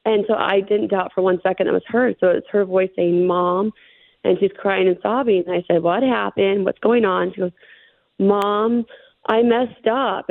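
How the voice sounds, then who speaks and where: Middle-aged female guest telling her story earnestly; slight fry, dry phone-line audio. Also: medium pitch, no room sound. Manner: earnest, rushed storytelling with fillers. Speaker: interview guest. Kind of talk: recounting a personal ordeal.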